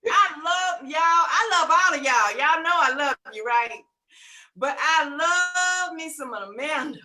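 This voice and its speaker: A middle-aged woman giving an excited, folksy testimonial over a video call, gushing and laughing often. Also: very high voice, moderate pace. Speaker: webinar testimonial speaker.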